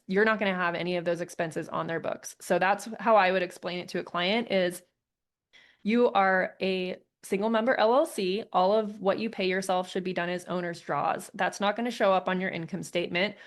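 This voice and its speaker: Host, female, relaxed and conversational, lowish pitch, laughs easily. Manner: casual, chatty, laughs often. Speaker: host answering questions. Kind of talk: live Q&A session.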